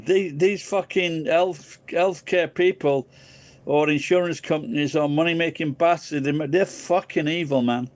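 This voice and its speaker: A man's voice: a little high, a little slow. A man hosting a casual live stream, ranting profanely and rambling into crude jokes.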